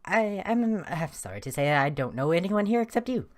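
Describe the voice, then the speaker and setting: A woman's voice: fairly low pitch, sing-song, normal speed. An Irish woman voicing a shy, courteous young male vampire newcomer in a tabletop game. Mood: polite. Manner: courteous, hesitant.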